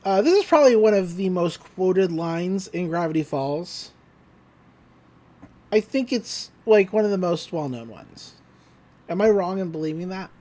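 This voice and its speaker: A woman's voice: on the low side, animated, warm tone. A woman co-hosting a podcast, chatting casually as she retells an episode and laughs along. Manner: chatty, retells scenes with quick voices and laughs. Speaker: podcast co-host.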